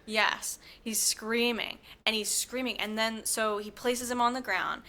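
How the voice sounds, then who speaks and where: A woman podcast co-host casually recapping a movie plot, animated and full of fillers, acting out the characters' lines as she goes. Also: fairly high pitch, measured pace.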